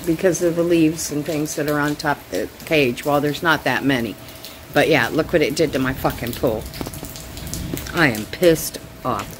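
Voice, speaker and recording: Woman vlogger, lowish voice, frank and folksy, rain pattering behind. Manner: frank, swears freely, folksy. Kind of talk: casual chat to camera. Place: home, porch and pool area in rain. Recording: rain noise clearly behind.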